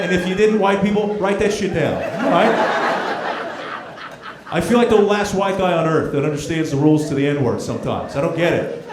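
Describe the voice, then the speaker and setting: A man performing a brash stand-up comedy set with confrontational crowd work on a comedy club stage. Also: on the high side. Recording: echoey club with crowd noise.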